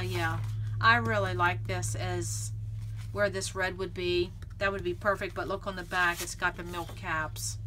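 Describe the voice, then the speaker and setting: Bright chatty woman crafting at home. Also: mid-range voice, slight background noise. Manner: chatty, thinks aloud, laughs often. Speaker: scrapbooking channel host. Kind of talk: casual crafting chat.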